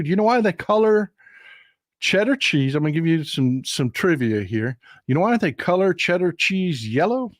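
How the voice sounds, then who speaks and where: A man's voice: a little high, no room sound, studio quality. A middle-aged man with a Texan accent, hosting a live stream and telling folksy stories in a chatty, emphatic way. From Texas. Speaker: livestream host. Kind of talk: casual chat.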